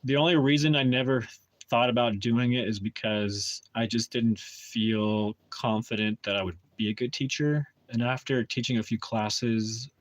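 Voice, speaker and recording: A man's voice: medium pitch, steady tone, normal speed. A man chatting casually with viewers on a live stream at home, talking hesitantly with many restarts and fillers.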